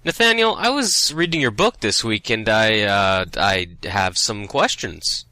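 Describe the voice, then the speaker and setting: A man co-hosting a comedy talk-show sketch, flustered and deadpan with a rude guest. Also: on the low side, measured pace, no room sound. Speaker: co-host.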